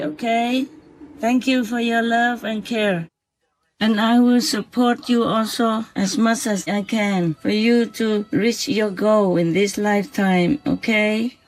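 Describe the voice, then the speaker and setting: A spiritual vlogger speaking gently at night to an unseen animal, softly giving blessings and often asking "okay?", then calmly recounting their day. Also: mid-range voice, low-quality recording. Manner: soft, slow, affectionate blessings with repeated "okay?".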